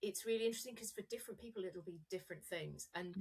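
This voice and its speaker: A woman's voice: lowish voice, rapid-fire, darkish tone, husky. A woman coach talking freely in a podcast interview, rambling and correcting herself as she explains ideas. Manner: rambling, self-correcting, demonstrative. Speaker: coach and guest.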